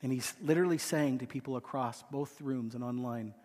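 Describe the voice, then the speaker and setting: Hushed, earnest male pastor in a hall. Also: mid-range voice, brisk. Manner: earnest, hushed and pleading, voicing Jesus softly. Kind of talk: sermon with guided prayer. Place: large church auditorium. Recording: long hall reverb.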